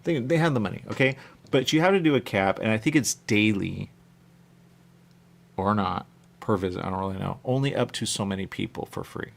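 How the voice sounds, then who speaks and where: Hosting a talk radio show, a man with a fairly low, creaky voice chats casually and rambles at a fairly quick pace. He keeps checking in with "okay?" and tossing in "there you go."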